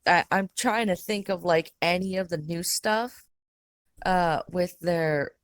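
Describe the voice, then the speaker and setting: A woman speaks slowly in a casual podcast conversation, pausing often to search for words and laughing easily. Her voice is recorded close and dry, with no room sound. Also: on the low side, smooth, no room sound. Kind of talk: casual chat.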